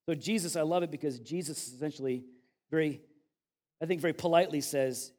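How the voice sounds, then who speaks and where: A man giving an animated, conversational sermon, reading Bible passages with dramatic emphasis. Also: fairly high pitch, brisk. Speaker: preacher.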